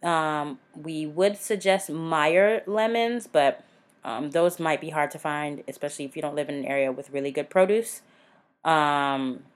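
A woman with a Southern US accent co-hosting a casual chat podcast, laughing often and acting out quick asides. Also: deep voice. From American South. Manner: laughs often, animated, drifts into voiced asides. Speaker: podcast co-host.

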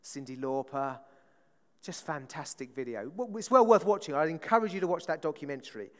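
A man preaching a casual, conversational sermon, voice sitting a little high for a man. He keeps drawing the congregation in with quick questions. His words ring out with a long church-hall reverb. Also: lively intonation. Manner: chatty, often asks the congregation "right?".

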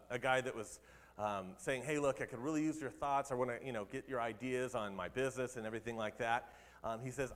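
Pastor preaching in a reverberant church hall. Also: male voice, medium pitch. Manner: conversational, laughs at his own jokes. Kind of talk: sermon.

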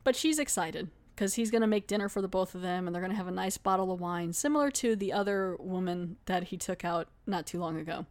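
Chatty woman recapping a TV episode. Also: lowish voice. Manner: chatty, animated retelling with laughs and quick acted asides. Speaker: podcast host.

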